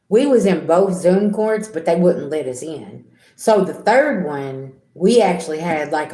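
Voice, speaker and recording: A woman's voice: deep voice, mellow, reverberant. A middle-aged woman giving a casual tarot reading, blunt and repetitive, talking straight to her viewers. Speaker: tarot reader.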